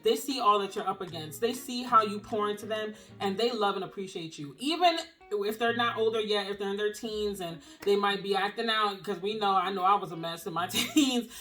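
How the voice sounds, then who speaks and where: A woman's voice: medium pitch, a little fast, bright, forceful tone. A young single-mom vlogger talks straight to camera, earnest and openly emotional. Her phrasing is casual and encouraging, and faint music plays underneath her voice. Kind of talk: heartfelt encouraging talk to camera.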